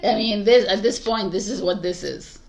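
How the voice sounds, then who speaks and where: A woman's voice: mid-range voice, normal speed, vocal fry, a little mellow, a little hiss or hum. A woman doing a tarot reading for viewers, speaking casually with many restarts and bursts of emphatic advice. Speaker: tarot reader.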